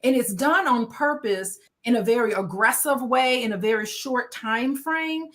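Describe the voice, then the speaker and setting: A woman guest on a panel, explaining ideas in a measured, lecturing way, with occasional fillers. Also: on the high side, a bit bright.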